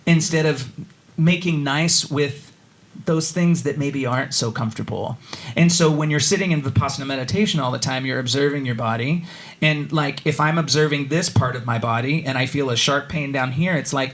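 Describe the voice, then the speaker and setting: A man's voice: mid-range voice, normal speed. Chatty man giving a casual sermon. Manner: chatty, loose, many fillers and restarts, voices inner thoughts. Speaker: guest speaker. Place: church sanctuary.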